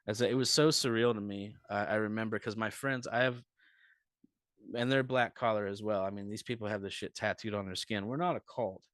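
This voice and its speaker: A man with a fairly low voice, recorded dry and close. He tells rambling, profane stories in a casual podcast chat as a comedian guest. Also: steady tone, fairly quick, a bit bright, no echo.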